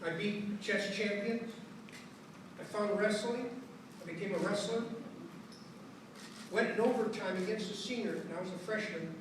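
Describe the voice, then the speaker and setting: Animated older man telling stories in an echoey hall. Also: high-pitched, moderate pace. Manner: animated storyteller, acts out voices and mixes in Spanish phrases. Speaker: author giving a lecture. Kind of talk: storytelling lecture. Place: lecture hall. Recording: echoey hall from far off with background noise.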